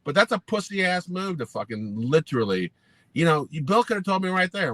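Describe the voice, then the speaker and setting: A man's voice: a little high, fairly quick, dry recording. A man in his fifties, a co-host and former pro football player, telling stories bluntly, with heavy swearing and quoted voices. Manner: blunt, heavily profane, animated retelling with quoted voices. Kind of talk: casual profane storytelling.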